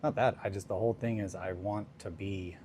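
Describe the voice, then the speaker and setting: A man's voice: fairly low pitch, steady tone, fairly quick, darkish tone, a little hiss or hum. A man hosting a casual hobby livestream, chatting in a rambling, self-deprecating way and laughing often while he works. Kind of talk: casual chat while crafting.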